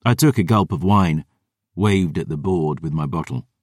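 A man narrating a first-person audiobook in a dramatic, expressive storytelling manner. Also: low voice, moderate pace, no echo, studio quality.

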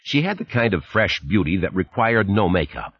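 A man narrating an audiobook in a lively, expressive reading. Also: low-pitched, normal speed, breathy edge, dull audio. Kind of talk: scripted narration.

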